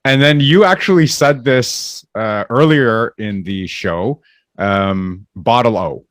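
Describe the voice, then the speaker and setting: A man's voice: mid-range voice, takes it slowly, no room sound, studio quality. A man in his thirties hosting a casual podcast, reading items off a list and asking curious questions. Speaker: podcast host. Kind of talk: casual chat.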